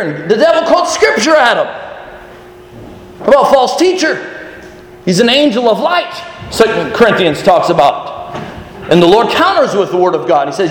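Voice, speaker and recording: A man preaching a sermon to children, animated and often asking them questions. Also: sits high, brisk. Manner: animated, questioning the audience, restarts. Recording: echoey hall with faint noise.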